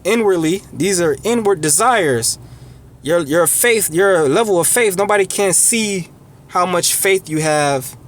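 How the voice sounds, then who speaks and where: A man's voice: sits high, animated, a little slow. A man preaching an earnest, conversational sermon who repeats himself and checks in with his listeners.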